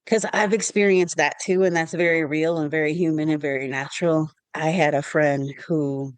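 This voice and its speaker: A writer hosting a podcast, talking in a measured way and steering the conversation. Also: mid-range voice, fairly even intonation, clean tone, no room sound.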